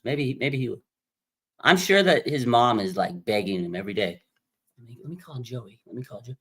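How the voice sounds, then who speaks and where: A man hosting a casual fan livestream, reading viewer comments and chatting in a relaxed, thinking-aloud way. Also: mid-range voice, fairly quick. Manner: laid-back, thinking aloud with fillers. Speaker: livestream host.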